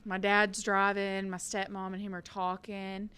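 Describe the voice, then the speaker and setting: A woman co-hosting a podcast tells a funny family story, laughing all the way through. Her mid-range voice is clear and resonant, and her pace is measured even as she stays animated in this casual storytelling.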